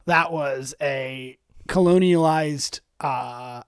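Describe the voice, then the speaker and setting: A man co-hosting a casual podcast, animated and giggly, often restarting his sentences. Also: on the high side, extremely slow, smooth, dry recording, studio quality. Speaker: podcast co-host. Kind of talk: casual chat.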